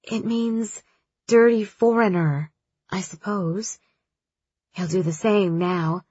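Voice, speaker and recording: A woman doing a wistful young woman, soft, slow, breathy. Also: medium pitch, dry recording, dull audio. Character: young woman, gentle sister, quietly wistful.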